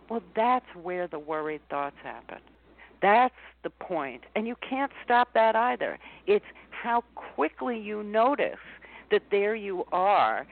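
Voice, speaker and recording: A woman talks as a guest coach over a tinny, phone-like line with a middling pitch. She speaks in an animated way, leaping up in pitch whenever she acts out a panicked inner voice. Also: measured pace. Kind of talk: interview conversation.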